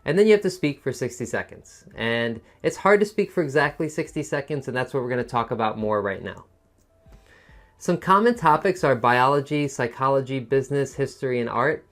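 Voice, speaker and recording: A man gives an online lesson in a soft, musical teacher voice that swings up and down. His pitch sits in an ordinary middle range. He speeds up and then slows right down to stress a point. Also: lively intonation. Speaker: TOEFL teacher. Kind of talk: online lesson explaining a test.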